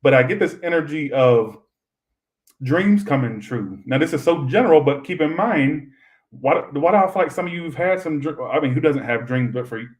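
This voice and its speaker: A man's voice: a little high, poor audio. A young man giving a chatty, rambling live-stream tarot reading, swearing freely and talking straight to his viewers. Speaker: tarot reader.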